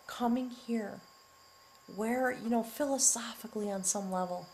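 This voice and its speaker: A middle-aged woman giving a spiritual tarot reading, earnest and emotional, slowly drawing out her words and sometimes dropping to a near whisper. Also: on the high side, a little hiss or hum, poor audio. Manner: earnest and emotional, often choked up, breaking into soft laughs; slow, drawn-out delivery with soft near-whispered words. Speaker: tarot reader.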